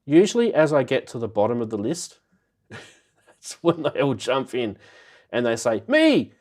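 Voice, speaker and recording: A man with a cold hosts a live stream, sounding nasal and a little muffled. He chats easily, greets viewers by name and laughs often, at an ordinary middle pitch. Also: expressive, measured pace, a little mellow. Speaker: host of a live synth show. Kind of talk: casual live-stream chat.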